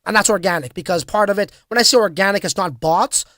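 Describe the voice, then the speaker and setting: A man's voice: sits high, fast talker, a bit bright, dry recording, clean studio sound. A man hosting a crypto livestream, chatting casually and reading viewer comments in a slangy, hyped-up way with lots of fillers. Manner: casual, slangy, hype-driven with frequent fillers.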